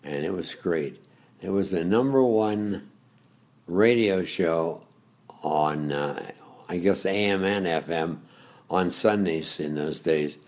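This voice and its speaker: An older man, a longtime radio host, telling stories in an interview, rambling with chuckles and pauses. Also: sits low, a little mellow. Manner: rambling storyteller with frequent uh's and chuckles. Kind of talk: reminiscing interview.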